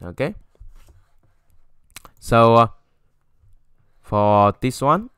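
A man teaching a language lesson, stopping often to say "okay" and repeating example phrases in a louder voice. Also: medium pitch, expressive, drawn-out words, clear, resonant tone, dry recording, studio quality. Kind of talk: explaining a textbook lesson.

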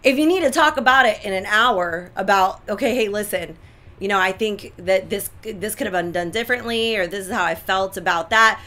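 Bright, emphatic woman giving advice. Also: medium pitch, brisk. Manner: animated, emphatic, repeats points. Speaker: co-host giving relationship advice. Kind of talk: casual advice chat.

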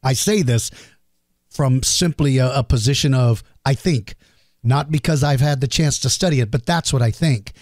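A man's voice: medium pitch, moderate pace, a little mellow, dry recording, studio quality. A middle-aged man hosting a podcast, casually answering listener questions in a chatty, self-deprecating way. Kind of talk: casual Q&A monologue.

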